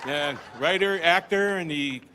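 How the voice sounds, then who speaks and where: A man introducing the next performer on stage, announcing in a halting way. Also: fairly high pitch. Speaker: emcee. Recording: loud crowd and room noise.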